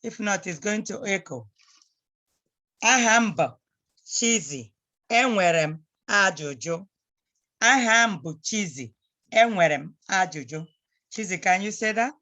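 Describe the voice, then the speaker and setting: A woman's voice: medium pitch, expressive, a little slow, pauses often, sharp tone. A woman teaching a language class over a video call, patiently repeating phrases for her students to copy. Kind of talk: online class instruction.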